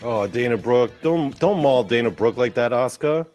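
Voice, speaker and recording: A male host giving rambling, profane, excitable commentary over wrestling footage. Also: medium pitch, moderate pace, soft background music.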